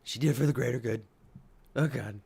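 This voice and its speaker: Excitable man reacting out loud. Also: mid-range voice, brisk, gravelly, husky. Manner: excitable, thinking aloud, gushing. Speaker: reaction video host. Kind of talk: casual reaction commentary.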